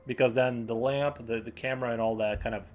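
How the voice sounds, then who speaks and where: A man's voice: medium pitch, steady tone, brisk, darkish tone, a little hiss or hum. A man live-streaming while he paints, chatting casually in a rambling, hesitant way full of fillers and restarts.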